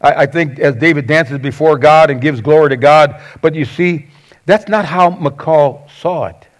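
Guy preaching, pretty high voice, casual and lively, throws in some sarcasm. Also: normal speed. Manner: animated, acts out quoted lines with sarcasm; conversational with self-corrections. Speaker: pastor. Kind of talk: sermon.

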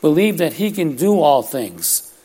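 A man's voice: a little high, sing-song, measured pace, dark tone, slightly rough. A man preaching a conversational sermon in church, often checking in with "all right?" as he talks.

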